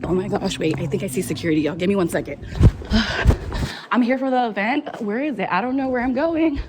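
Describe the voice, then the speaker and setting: A woman's voice: mid-range voice, a little fast, noisy background. Bubbly young woman hosting live. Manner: bubbly, playful and hyped, talks straight to the crowd. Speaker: event MC. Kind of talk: live ceremony hosting with crowd work. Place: event venue with a live audience.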